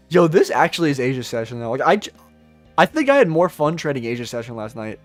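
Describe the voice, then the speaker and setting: A man's voice: mid-range voice, sing-song. A young man hosting a trading livestream, reading viewer comments aloud in loose, joking slang. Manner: loose, joking, slangy, reacts to chat with quick laughs. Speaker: livestream day trader. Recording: faint music behind the voice.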